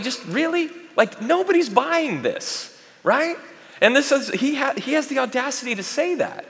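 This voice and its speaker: A man preaching a sermon, swinging between loud questions to the congregation and soft, slow emphasis. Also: fairly high pitch. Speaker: pastor. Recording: long reverb of a large hall.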